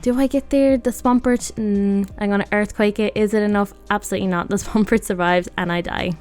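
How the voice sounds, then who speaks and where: A woman talks through her battles in a relaxed, chatty way, often laughing at her own blunders. Her voice sits at a middling pitch for a woman. Soft music plays quietly under her talk. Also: fairly quick, clean tone. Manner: self-mocking, laughs often. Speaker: gaming video creator. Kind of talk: casual gameplay commentary. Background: background music.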